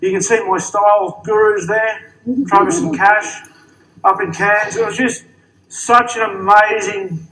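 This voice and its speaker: Bright-voiced Australian man joking on stage. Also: sits high, little pitch movement, a little slow. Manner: jokey, friendly, with repeated words and restarts. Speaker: award-winning associate giving a stage speech. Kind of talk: motivational stage speech. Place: stage at a large company event. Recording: distant stage sound.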